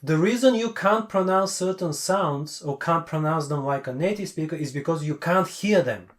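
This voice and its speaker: Non-native english guy, bit high-pitched, blunt coach hammering his point home. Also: moderate pace. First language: not English. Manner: blunt, emphatic, repeats key points. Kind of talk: casual video call chat.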